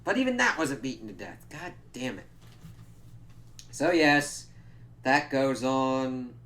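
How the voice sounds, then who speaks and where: A man casually recapping and reviewing a TV episode, swearing constantly and jumping into quick impressions of the characters. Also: mid-range voice. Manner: animated, swears a lot, mimics characters mid-recap.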